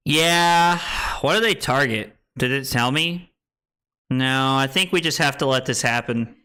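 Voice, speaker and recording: Bright and forceful, with a clean tone, a young man speaks at a measured pace and medium pitch while streaming a card game. He walks through his plays and chats with viewers, joking playfully at his own expense.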